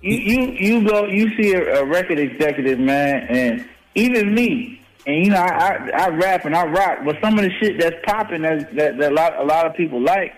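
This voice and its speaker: A man's voice: a little high, lively intonation, moderate pace, soft background music, low-quality recording. A man speaking bluntly and profanely in a casual interview, with a lot of repeated words and restarts. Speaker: rap artist in an archived interview clip.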